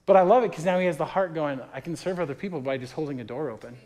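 A man in his thirties preaching a sermon with a fairly high, light voice. He talks in a chatty, conversational way and tells stories with quoted voices. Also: rapid-fire, a little mellow. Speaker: pastor.

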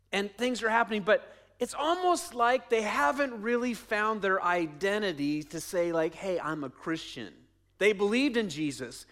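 A man with a high-sitting, fairly bright voice preaches a sermon as a pastor. His style is conversational, and he asks the congregation questions and repeats his phrases.

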